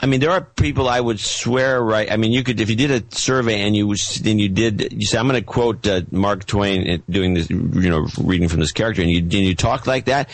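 Male podcast co-host, very low voice, dry room, opinionated. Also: dry recording. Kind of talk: casual chat.

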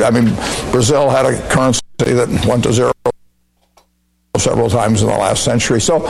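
Gravelly older man, slow and halting. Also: medium pitch, low-quality recording. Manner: slow, halting, restarts a lot. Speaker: interviewee. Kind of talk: measured interview answers. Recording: archive interview clip.

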